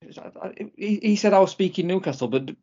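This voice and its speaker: A man's voice: high-pitched, animated, quick pace, warm tone. A man co-hosting a podcast, talking casually and often stumbling over repeated words. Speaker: podcast co-host. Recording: dull lo-fi recording.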